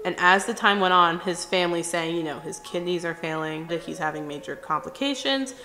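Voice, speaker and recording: A young woman vlogger with a bright, forceful voice recounts a painful personal story straight to camera. She tells it with emotion and energy, acting out what people said as she goes. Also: lowish voice, a little fast, slight background noise. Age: young adult. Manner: emotional, animated retelling with acted quotes.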